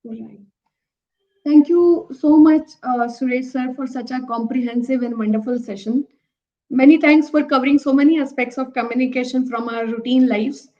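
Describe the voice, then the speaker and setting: A woman's voice: sits high, moderate pace, warm tone, lo-fi sound. A woman hosting an academic session, giving a courteous formal vote of thanks. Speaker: session host.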